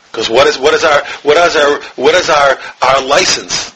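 A man from the United States, a rabbi teaching a Torah class, emphatic and repetitive, dropping from loud emphasis to hushed tones. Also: a little high, moderate pace, hardly any pauses, breathy edge, low-quality recording. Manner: emphatic, repeats phrases, swings between loud and hushed. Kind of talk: impassioned Torah lesson.

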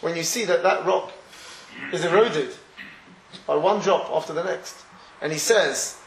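Guy giving a torah class, kinda high voice, laughs a lot as he tells stories, echoey room. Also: moderate pace, pauses often. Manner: animated storytelling, laughs often. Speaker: rabbi teaching Torah.

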